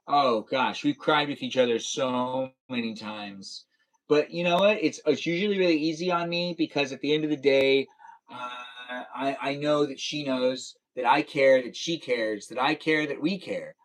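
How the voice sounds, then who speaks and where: A man's voice: medium pitch, normal speed. A young man live-streaming a racing game, chatting casually and playfully with viewers and slipping into silly sing-song noises.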